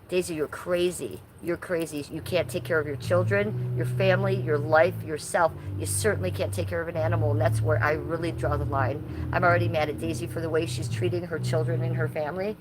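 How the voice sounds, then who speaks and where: A woman's voice: low-pitched, background noise. Blunt, ranting woman live streamer. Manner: blunt, profane, ranting, answers chat. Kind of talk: casual live-stream commentary.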